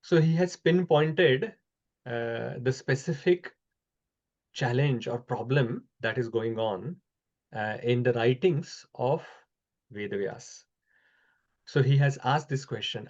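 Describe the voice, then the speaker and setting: A man teaching a scripture class over an online call, explaining slowly with frequent pauses. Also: medium pitch, darkish tone, dull audio.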